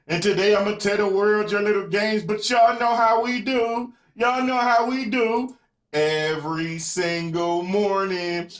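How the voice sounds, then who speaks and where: A man's voice: high voice, fairly bright tone. A man hosting a live podcast who talks straight to viewers in the chat and repeats his phrases for emphasis. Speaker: podcast host. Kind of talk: live-streamed podcast monologue. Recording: echoey room.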